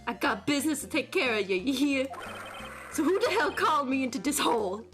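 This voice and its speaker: Woman as a gruff Brooklyn loan-shark tough guy, lively delivery. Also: sits high, a little fast, soft background music. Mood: belligerent. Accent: Brooklyn (put on). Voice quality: gruff, streetwise slang.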